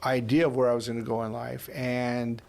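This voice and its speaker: A man's voice: mid-range voice, little pitch movement, moderate pace, creaky, darkish tone. A man in his sixties, hosting a faith podcast and telling a personal story in a rambling, heartfelt way with frequent restarts. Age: 60s. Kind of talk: conversational podcast interview.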